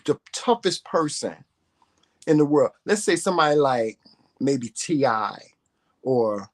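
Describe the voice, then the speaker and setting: A man's voice: mid-range voice, animated, a little slow. Give me a man ranting to camera, profane and confrontational, hammering his points with repetition. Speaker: vlogger.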